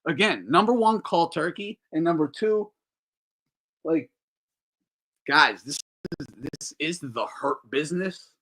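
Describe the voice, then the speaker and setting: A man's voice: on the high side, takes it slowly, pauses often. A man hosting a boxing talk show, giving casual, profane, mocking commentary and answering his chat. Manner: animated, swearing, mocking, reading chat aloud.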